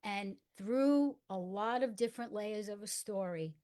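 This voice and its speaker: Middle-aged woman telling her story, earnest, goes quiet and hushed when she quotes people. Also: medium pitch, unhurried. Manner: earnest storyteller acting out dialogue in hushed tones. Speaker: guest. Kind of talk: personal testimony in conversation.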